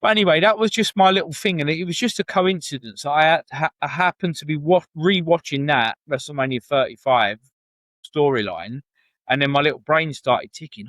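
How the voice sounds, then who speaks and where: A man's voice: a little high, a little fast, a bit bright, no echo. A man from England co-hosting a wrestling podcast, chatty and enthusiastic in casual conversation. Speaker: podcast co-host. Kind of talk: casual chat.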